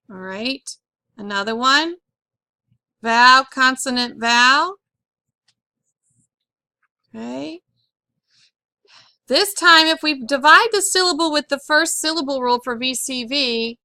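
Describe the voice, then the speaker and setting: A woman teaching a phonics lesson, spelling out letters one by one in a slow, deliberate way and clearing her throat now and then. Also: high-pitched, pushed and bright, no room sound. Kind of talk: classroom lesson on syllable accent.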